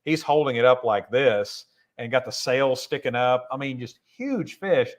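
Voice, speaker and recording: A man hosting a podcast, chatting in an easygoing way and often pausing on "uh" and "you know". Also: medium pitch, expressive. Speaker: podcast host. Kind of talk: casual podcast chat.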